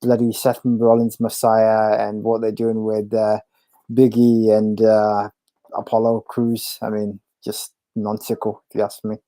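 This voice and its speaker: A man's voice: fairly low pitch, monotone, measured pace, warm tone, dry recording. A man co-hosting a wrestling podcast, blunt and opinionated, stammering as he starts his points. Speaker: podcast co-host. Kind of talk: casual wrestling chat.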